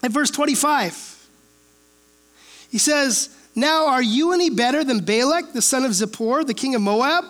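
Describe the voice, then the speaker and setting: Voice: high-pitched, moderate pace, a bit bright. A pastor teaching a verse-by-verse Bible sermon in a conversational way, emphatic and repeating phrases for weight, often checking in with listeners through rhetorical questions.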